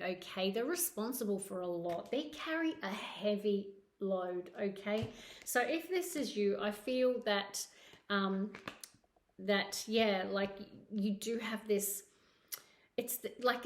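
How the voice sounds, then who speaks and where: A woman with a Scottish accent giving a monthly tarot reading to camera, effusive and emotional, often checking in with "okay?". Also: medium pitch. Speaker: tarot reader. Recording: roomy echo.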